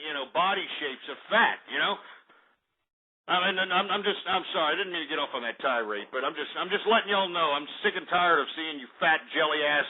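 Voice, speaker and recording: A man hosting a radio show, ranting crudely in a rambling way with lots of fillers. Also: on the high side. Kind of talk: ranting talk radio monologue. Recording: tinny phone-quality broadcast.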